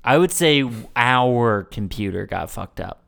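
Smooth-voiced teasing podcast host. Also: male voice, medium pitch, expressive, unhurried, a bit bright. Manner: profane, teasing. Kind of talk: casual banter.

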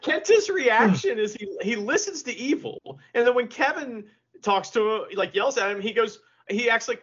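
A man's voice: very high-pitched, expressive, moderate pace, a bit bright, breathy edge. A man co-hosting a podcast, recapping in a rambling, enthusiastic way with many fillers, on slightly dull lo-fi audio. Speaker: podcast co-host. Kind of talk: casual wrestling recap.

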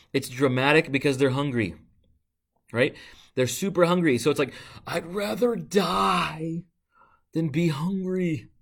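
A man preaching a sermon in a conversational way, often asking "right?" and acting out complaints in a mocking voice. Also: medium pitch. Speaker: pastor.

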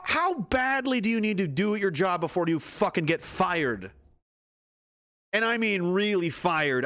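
A man's voice: sits high, a bit bright. A man giving angry, profane, sarcastic political commentary.

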